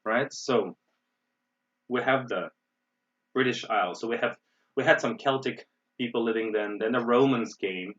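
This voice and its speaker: A man's voice: mid-range voice, moderate pace, long pauses, a bit bright. American man, english teacher, webinar lesson, explanatory, muffled distant mic. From USA. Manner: explanatory, frequent "right?" and "um" fillers.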